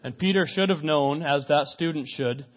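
Male pastor, conversational and animated, high voice, muffled lo-fi sound. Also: moderate pace. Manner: conversational, animated preaching with asides. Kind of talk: sermon. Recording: dull lo-fi recording.

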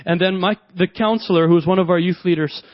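A man's voice: high voice, fairly even intonation, fast talker, lo-fi sound. A man preaching a sermon, telling a story earnestly and repeating phrases for emphasis. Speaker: pastor.

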